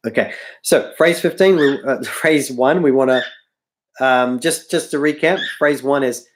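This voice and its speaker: Unhurried and medium-pitched, a weary man leads a harmonica tutorial on a livestream as his voice gives out. His talk drifts, he often corrects himself apologetically, and harmonica plays behind him.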